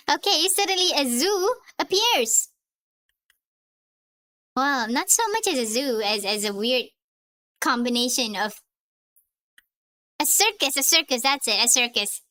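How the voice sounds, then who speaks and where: A woman's voice: high-pitched, animated, unhurried, long pauses, pushed and bright, dry recording. A woman streamer reading a comic aloud on stream, chatting and giggling between panels.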